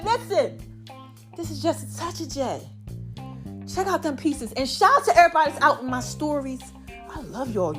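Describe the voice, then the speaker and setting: A woman hosting her own podcast in a lively, preachy, slangy way, a little out of breath as she talks. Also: high voice. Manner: lively, preachy, slangy, calls herself Mama. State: slightly out of breath. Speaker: podcast host. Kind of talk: casual inspirational monologue.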